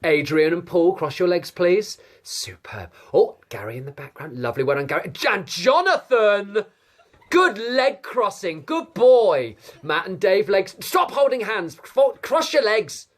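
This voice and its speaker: A man's voice: high-pitched, very animated, measured pace. A man playing a prim male egg who hosts children's storytime in a bossy, sing-song nursery-teacher way over a video call. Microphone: webcam or laptop mic on a video call.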